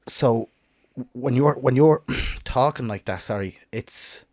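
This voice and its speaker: Irish man, podcast co-host, mid-pitched, rambling, swearing, dry close sound. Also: slow pace, a little mellow, no room sound. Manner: emotional, rambling, swears freely, stumbles. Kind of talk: casual chat.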